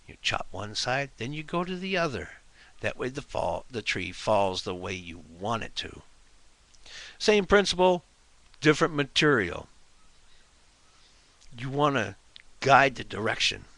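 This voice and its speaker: A man rants to his webcam at home in a slow, gravelly, forceful voice. His pitch swings widely as he fires off scornful rhetorical questions. The sound is dry and close. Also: big pitch swings, dry recording. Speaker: video blogger. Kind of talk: ranting monologue to camera. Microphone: webcam mic.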